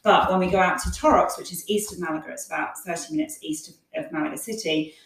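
A woman's voice: fairly low pitch, fast talker. Chatty woman, roomy and off-mic. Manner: chatty, storytelling, frequent fillers. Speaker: guest. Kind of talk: casual interview chat. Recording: echoey room, distant from mic.

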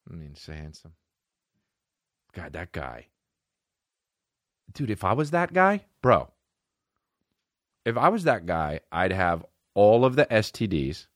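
Lively low-voiced male podcast host. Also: slow pace, pauses often, dry recording, studio quality. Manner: profane, rambling, voices made-up dialogue. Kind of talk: casual comedic rant.

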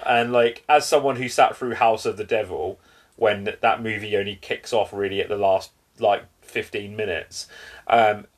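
A man co-hosting a podcast, chatting casually and opinionated about a horror film. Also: medium pitch. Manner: conversational, opinionated, swears casually. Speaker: podcast co-host. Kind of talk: casual film review chat.

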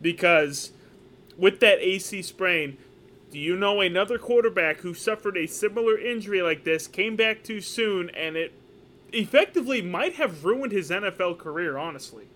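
Male podcast co-host, higher voice, lively and jokey, casual sports chat. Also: moderate pace, a little hiss or hum. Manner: animated, joking, repeats himself. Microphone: podcast microphone.

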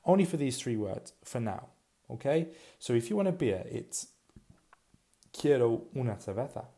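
A man teaching a recorded language lesson, drilling words slowly and repeating them, chatty and a little self-deprecating. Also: medium pitch, very animated, mellow. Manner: slow, repetitive drilling with pauses for practice.

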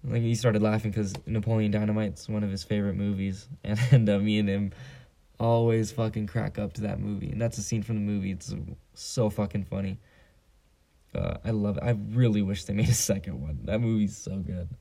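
Gravelly, low-voiced teenage boy ranting. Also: fairly even intonation, fairly quick, mellow. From San Diego. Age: teens. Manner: profane, joking storytelling. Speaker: podcast host. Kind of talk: casual solo podcast rant.

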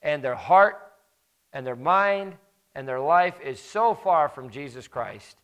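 Earnest male preacher, fairly high voice. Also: animated, fairly bright tone, smooth. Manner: earnest, measured, with repeated words and fillers; builds to rising emphasis with rhetorical questions. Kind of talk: sermon.

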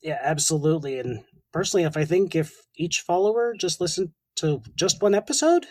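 A man's voice: fairly high pitch, animated, fairly quick, a little mellow, no room sound, rough recording. A Canadian man co-hosting a podcast, chatting casually, joking and laughing easily. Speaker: podcast co-host.

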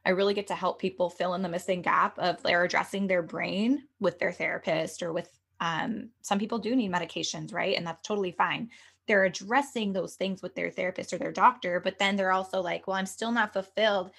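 A woman's voice: on the low side, fairly even intonation, a little fast, gravelly, a bit bright, breathy edge. A woman speaking as a guest medium and spiritual coach on a podcast, talking earnestly and chattily, full of "like" and "you know". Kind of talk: conversational podcast interview.

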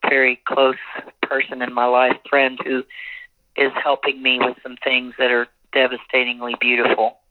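A singer in a phone interview, talking earnestly and rambling with many restarts. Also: mid-range voice. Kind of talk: phone interview, candid talk. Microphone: telephone. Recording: tinny phone line.

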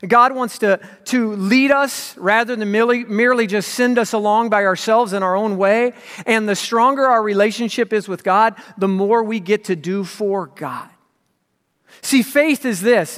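High-voiced preaching man in echoing hall. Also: moderate pace, clean tone. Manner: dramatic, swings from loud emphasis to hushed whispers. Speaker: pastor. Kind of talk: sermon. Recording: long hall reverb.

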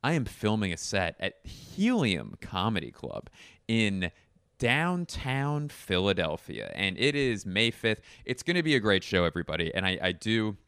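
A man in his thirties with a lowish, smooth, resonant voice rambles through a comedic podcast monologue. He jumps between absurd tangents and deadpan asides. The sound is close and dry, with no room around it. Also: moderate pace, no room sound. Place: home.

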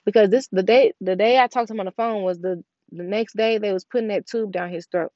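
A woman's voice: mid-range voice, fairly quick, dark tone, dry recording. Woman telling an emotional personal story. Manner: conversational, emotional, speaks straight to her viewers. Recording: dull, dry recording.

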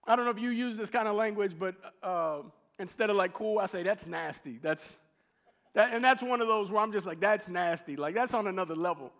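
A man preaching a sermon, telling a story with animated, acted-out quotes. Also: high-pitched, a little fast.

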